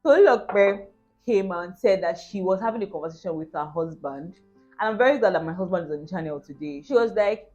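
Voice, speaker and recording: A woman's voice: fairly low pitch, expressive, fairly quick, a little mellow. Woman vlogger, casual earnest reaction chat, muffled lo-fi audio with faint music. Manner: earnest, chatty, emphatic repetition. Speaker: vlogger host. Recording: dull lo-fi sound, faint music.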